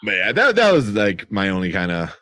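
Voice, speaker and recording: Animated, profane man reviewing movies. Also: fairly low pitch, a little fast, no echo. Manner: animated, profane, laughs often. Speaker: podcast co-host. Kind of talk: casual movie review chat.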